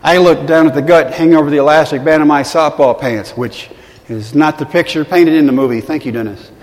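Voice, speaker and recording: Speaker, male, slightly high voice, earnest self-deprecating storyteller, big reverberant hall. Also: a little fast. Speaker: motivational speaker. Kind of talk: storytelling talk to a live audience.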